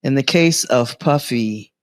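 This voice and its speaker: A man co-hosting a comedy podcast from a living room, telling stories in animated, quick bursts with frequent laughs. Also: mid-range voice, dry recording. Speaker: podcast co-host. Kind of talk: casual comedic chat.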